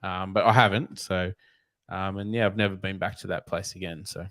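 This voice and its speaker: A man's voice: low-pitched, steady tone, normal speed, a bit bright, no echo. An Australian man, a snake catcher guest, telling blunt, profane, rambling stories in a casual interview.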